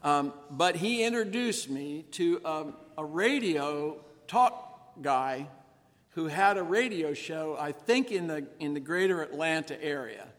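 A man's voice: on the high side, animated, measured pace, a bit bright. A male pastor delivering an earnest, emphatic sermon full of rhetorical questions. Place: church. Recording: reverberant church sanctuary.

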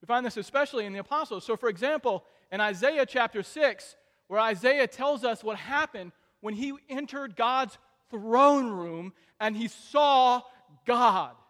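High-voiced man preaching in an echoing hall. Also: a little slow. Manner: dynamic delivery, swings between soft asides and loud emphatic peaks. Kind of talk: sermon. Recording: long reverb of a large hall.

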